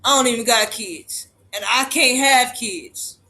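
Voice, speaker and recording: Man livestreaming, very high and bright voice, cursing and hammering his points home. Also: measured pace. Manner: profane, emphatic, repeating lines for force. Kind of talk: impassioned livestream rant.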